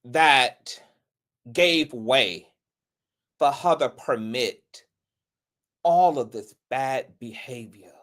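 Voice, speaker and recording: A man hosting a gossip commentary channel, speaking theatrically with mocking pity and dramatic pauses. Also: mid-range voice, a bit bright.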